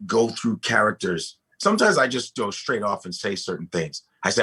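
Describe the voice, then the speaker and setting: A comedian talking casually as a guest, animated and profane, often restarting his sentences. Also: on the low side, moderate pace, breathy edge. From United States. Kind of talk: casual podcast conversation.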